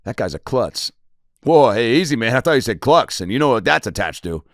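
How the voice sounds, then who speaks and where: A man around forty, a comedian hosting his podcast alone, rambling through profane stories and jumping into quick character voices. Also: mid-range voice, very animated, dry recording, clean studio sound. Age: 40s. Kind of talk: solo comedic storytelling.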